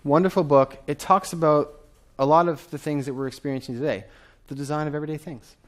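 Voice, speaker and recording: A man in his thirties giving a lively conference talk from a stage, often asking the audience questions. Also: on the high side, fast. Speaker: conference speaker.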